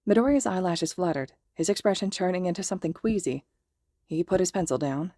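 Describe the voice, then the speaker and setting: A woman reading a fan fiction story aloud in a steady, measured narration. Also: fairly low pitch, no echo, clean studio sound. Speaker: podfic reader.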